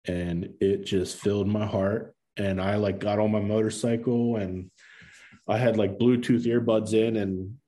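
A man in his thirties tells a personal story in a low, mellow voice. He speaks in earnest and acts out the lines of the people in it. His casual speech is full of fillers. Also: fairly even intonation, a little slow. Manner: earnest, acts out quoted dialogue, many fillers. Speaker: podcast guest.

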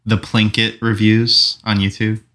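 This man hosts a laid-back movie podcast in a low yet bright, forceful voice, recorded in person in a shared room. He's casually enthusiastic and unhurried, quick to laugh and prone to the occasional swear word. The whole thing stays loose and conversational.

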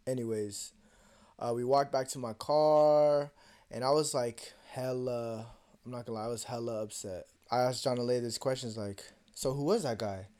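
A young man co-hosting a podcast, telling a personal story in a casual, profane and animated way and acting out the other voices. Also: mid-range voice, moderate pace. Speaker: podcast co-host.

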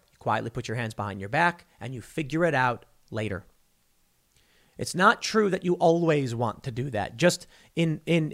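Young man, commentary host, slightly high voice, animated delivery that slips into quick character voices. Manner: animated, acts out hypothetical dialogues in quick quoted voices. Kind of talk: opinionated commentary monologue.

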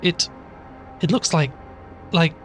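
A man's voice: mid-range voice, animated, fairly quick, a little mellow, soft background music, lightly acted. A man voicing a timid, horror-stricken woman in a ghost story, stammering in fear. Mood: frightened. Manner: stammering, scared.

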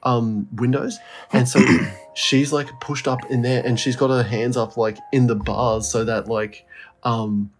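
A man's voice: mid-range voice, flat delivery, measured pace, soft background music. A man co-hosting a podcast, telling a story in a rambling, laughing way with a lot of swearing. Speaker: podcast co-host. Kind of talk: casual storytelling chat.

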